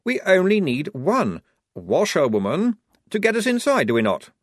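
A prissy, pompous young officer with a raised, mannered voice, as a male reader puts him on. The storybook reading leaps about in pitch and sounds dry and close. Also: huge pitch swings, normal speed, dry recording, exaggerated voice. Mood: eager. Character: prim, earnest young officer, man, pompous and fussy.

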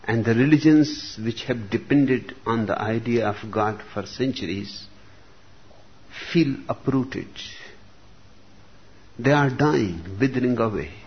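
Very slow, deliberate male spiritual teacher. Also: medium pitch. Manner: very slow, deliberate, with long pauses between phrases. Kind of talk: slow reflective discourse. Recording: dull lo-fi recording with faint room noise.

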